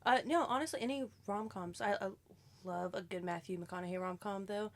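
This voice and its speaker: A woman's voice: mid-range voice, a little fast. A woman co-hosting a podcast, gushing about favorites in a loose, laughing chat. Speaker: podcast co-host. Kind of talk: casual chat among friends.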